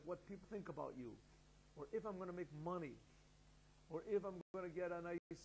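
A man's voice: sits high, darkish tone, muffled recording, a little hiss or hum. A man teaching a yeshiva class, talking through a text in a conversational way, asking rhetorical questions, then reading and translating aloud. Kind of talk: Torah class lecture.

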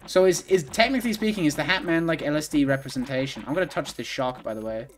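A man streaming himself playing a video game, reacting out loud and swinging from low mumbles to sudden outbursts with lots of swearing. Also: fast talker, a little hiss or hum. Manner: excitable, profane, swings from mumbling to yelling. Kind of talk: live gaming commentary.

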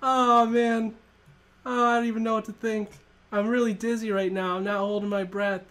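A middle-aged man giving live chess stream commentary, excitable, talking to himself and breaking into frequent laughter. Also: high-pitched, normal speed.

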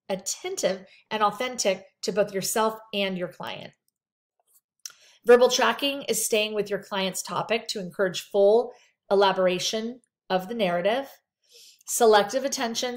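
A woman teaching a counseling skills lecture, reading points off slides and adding casual asides from her practice. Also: medium pitch. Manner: conversational, talks through slides with asides. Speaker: counseling instructor.

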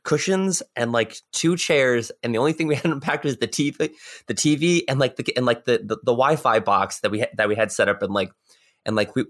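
Young man from New York, casual podcast guest, rambling, filler-heavy, medium pitch. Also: fairly bright tone. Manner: rambling, many "like" fillers and restarts. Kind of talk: casual chat.

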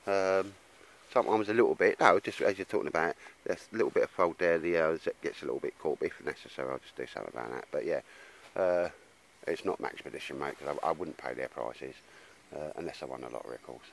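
Deep-voiced bloke vlogging outdoors. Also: male voice, fast talker, gravelly, hardly any pauses. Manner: blokey, rambling, says "mate" a lot. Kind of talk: casual chat to camera in the woods. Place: woodland outdoors. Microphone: handheld camera.

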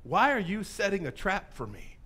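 Jumpy, shrill old-story witch put on by a preacher, darting high to low. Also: big pitch swings, moderate pace, sharp tone, exaggerated voice. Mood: alarmed. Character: fearful scheming woman medium, a witch.

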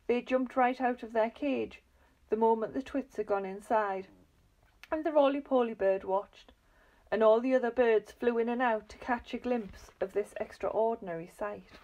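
A woman reading a children's book aloud, lively and expressive. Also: a little high, normal speed, highs cut off. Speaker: reader.

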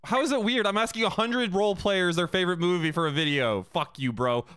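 A young man hosts in game voice chat, teasing the players and feigning offense for laughs. His voice sits a bit high for a man. A clear hiss of noise runs under his mic. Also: a little fast, a bit bright. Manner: joking, teasing, mock-offended. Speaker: host asking players questions.

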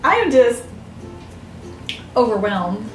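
Older lady vlogger, squealy high voice, gasps a lot, roomy echo, faint music under. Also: slow. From Southern United States. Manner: gushing and excitable, gasping often. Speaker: vlogger opening fan mail. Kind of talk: casual chat to camera. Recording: echoey room, mic a bit far off.

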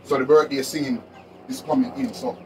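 A man's voice: mid-range voice, steady tone, brisk, noisy background. A Jamaican man hosting a live stream to sell chickens, talking casually in patois and repeating his phrases.

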